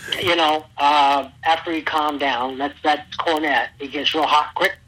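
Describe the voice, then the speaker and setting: A former pro wrestler, now middle-aged, tells stories as an interview guest in a fairly high voice at a measured pace. He's an animated storyteller who loudly acts out the lines of the people he quotes, on poor audio with slight background noise.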